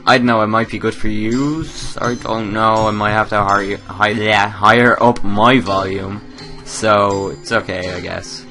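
A man with a lowish but bright voice rambles through a gameplay recording. He fills gaps with ums and giggles, and faint game music plays behind him. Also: fairly even intonation, a little slow, few pauses. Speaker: let's play gamer. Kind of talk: casual gameplay commentary. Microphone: desk microphone.

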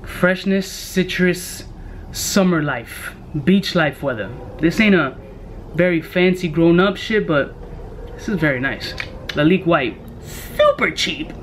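A man's voice: fairly high pitch, lively intonation, takes it slowly, fairly bright tone, slight background noise. A young man casually reviewing fragrances in a brash, joking way, full of profane street slang. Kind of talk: casual product review vlog.

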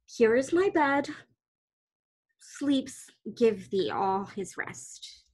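A woman's voice: on the high side, expressive, extremely slow, darkish tone, breathy edge, full character voice. A woman playing an impulsive young male lover, reading Shakespeare verse earnestly over a video call.

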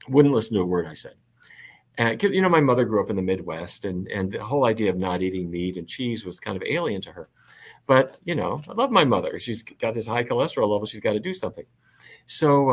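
A middle-aged man, a physician guest, telling stories in a relaxed, animated way with frequent laughs. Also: lowish voice, husky. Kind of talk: conversational storytelling.

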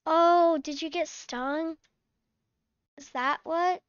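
A woman's voice: extremely high pitch, steady tone, very slow, no echo, muffled recording. A woman hosting her channel, chatting and acting as a fussing, scolding mom in a game role-play. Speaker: channel host playing a mom.

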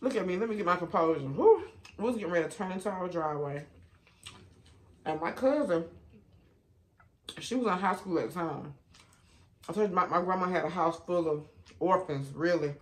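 A woman vlogger telling stories while she eats, chatty and animated, calling her viewers y'all, baby and honey. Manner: animated, with sudden rises in pitch and loudness. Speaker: mukbang vlogger. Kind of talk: casual storytime while eating.

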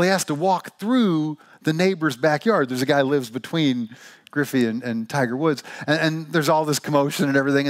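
A man from Missouri preaching a sermon, telling a joke story with an animated, playful manner. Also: fairly high pitch. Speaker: pastor.

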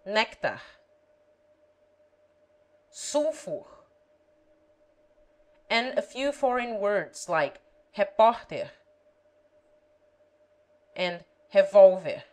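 A woman reading a grammar lesson aloud, pronouncing example words carefully and deliberately. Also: medium pitch, animated, darkish tone, rough recording. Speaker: language teacher.

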